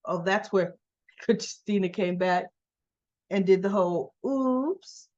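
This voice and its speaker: A woman's voice: on the low side, little pitch movement, unhurried, darkish tone, lo-fi sound. Chatty woman recapping a soap. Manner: chatty, retells scenes with "she goes" quotes. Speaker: soap opera recap vlogger. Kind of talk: casual episode recap.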